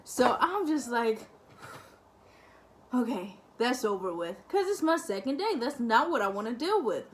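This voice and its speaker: A young woman vlogger telling a casual story to camera, chatty and lively, acting out the other people. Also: sits high, moderate pace, hardly any pauses. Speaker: family-channel vlogger.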